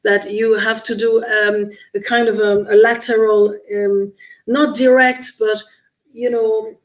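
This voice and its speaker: A woman's voice: mid-range voice, level tone, unhurried, rough recording. A woman guest in a conversational interview, explaining earnestly while searching for words with frequent restarts. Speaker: guest experiencer.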